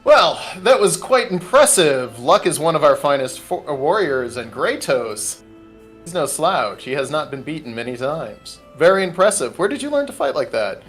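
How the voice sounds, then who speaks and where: A man voicing a huge, jovial male warrior chief in armor during a tabletop game, talking in a hearty, booming way. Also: sing-song, normal speed, a bit bright, faint music behind. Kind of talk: tabletop game role-play. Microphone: online voice call.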